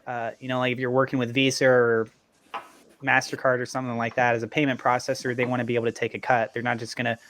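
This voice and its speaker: A man's voice: medium pitch, quick pace, slight background noise. A man with a mid-range voice runs a casual online panel. He jokes around, acts out little bits, and keeps tossing out questions. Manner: animated, joking, asks questions. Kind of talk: casual live-stream discussion.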